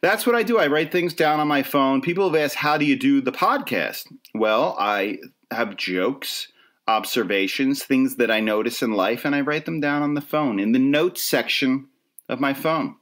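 Speaking at a moderate pace in a mid-range, slightly bright voice, this Philadelphia-area podcast host is middle-aged. His casual solo monologue wanders along with wry, self-deprecating humor.

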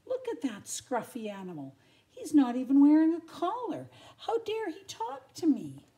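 A woman's voice: wildly swooping pitch, moderate pace, mellow. A grandma doing a prim little lady dog. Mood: indignant. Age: older. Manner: high, dainty and proper. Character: prim, gentle young female house dog.

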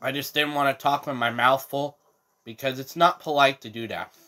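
A man's voice: mid-range voice, steady tone, normal speed, sharp tone. A man narrates his gameplay in a casual walkthrough, talking straight to his viewers. He is chatty and keeps checking that they are following along. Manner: chatty, addresses viewers, frequent "okay?" checks. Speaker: gaming channel host. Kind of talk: casual game walkthrough commentary.

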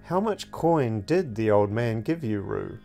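A man voicing a teenage girl who leads a street gang, speaking in a calm, cultured, mocking way. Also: lowish voice, unhurried, vocal fry, soft background music, exaggerated voice.

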